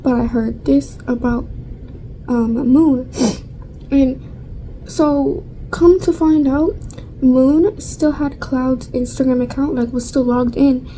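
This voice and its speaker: Young woman, high voice, very mellow dark tone, chatty storytime, faint room noise. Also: fairly even intonation, slow pace, rough recording. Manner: chatty, rambling, swears freely, many fillers. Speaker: vlogger. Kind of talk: casual storytime chat while getting ready.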